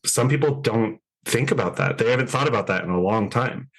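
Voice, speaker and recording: A man's voice: medium pitch, brisk, a bit bright. A man, a dating coach, talking casually on a podcast, chatty with many fillers and acting out dialogue with clients.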